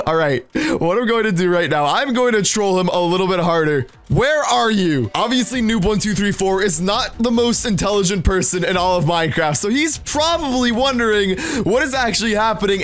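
A man doing excited, giggly gameplay commentary, laughing often and teasing. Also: high voice. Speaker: Minecraft YouTuber. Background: faint background music.

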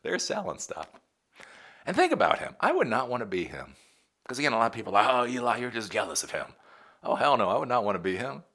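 A man hosting a casual commentary show, sarcastic and animated, laughing often. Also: mid-range voice, fast talker, vocal fry. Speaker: tech commentary host.

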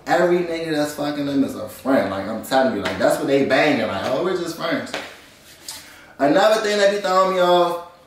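A man's voice: fairly high pitch, big pitch swings, fast, distant mic, slight background noise. A young man hosting, delivering a profane, rambling, slang-heavy comedic rant. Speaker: host. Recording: echoey room, voice away from mic.

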